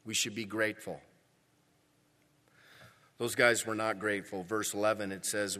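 A man's voice: lowish voice, little pitch movement, moderate pace, long pauses, sharp tone, in a large hall. A male pastor preaching a sermon in a church, emphatic and repeating words for stress.

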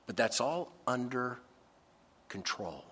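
A man preaching a sermon, slow and emphatic, swinging between loud stressed phrases and soft, low asides. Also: animated, breathy edge, in a large hall. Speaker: pastor.

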